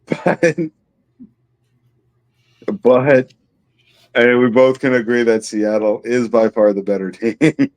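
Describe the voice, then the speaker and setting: A man's voice: medium pitch, steady tone, slow, long pauses, a little mellow. A man co-hosting a casual chat about football picks, swearing and joking as he goes. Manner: profane, joking banter. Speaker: podcast co-host.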